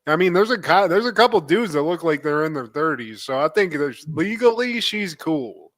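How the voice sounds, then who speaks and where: A man co-hosting a casual livestream, retelling scenes from a show with lively acted-out quotes and frequent laughter. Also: fairly high pitch, moderate pace. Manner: animated storytelling, acts out quotes, laughs often. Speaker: podcast co-host. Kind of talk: casual recap chat.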